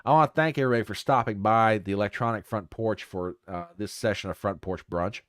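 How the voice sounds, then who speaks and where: A man's voice: lowish voice, a little fast, smooth, no room sound, clean studio sound. An older man hosting a casual talk show, reading news aloud with sarcastic asides. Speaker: podcast host. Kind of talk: casual livestream commentary.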